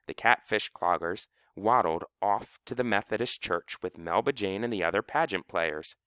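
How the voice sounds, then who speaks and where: A man reading a story aloud as narrator, lively and expressive, acting out characters. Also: deep voice, normal speed, clean tone, no room sound, studio quality. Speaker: audiobook narrator. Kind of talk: scripted narration.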